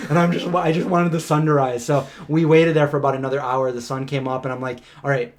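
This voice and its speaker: A man co-hosting a live question-and-answer stream, telling a story in a casual, animated way with lots of filler words. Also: medium pitch, quick pace, few pauses. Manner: animated, chatty, many "like" fillers.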